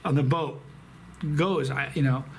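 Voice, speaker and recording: A man hosting a chili pepper channel, talking casually to camera in a rambling, halting, emotional way with many restarts. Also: medium pitch, slight background noise. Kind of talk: casual vlog talk to camera.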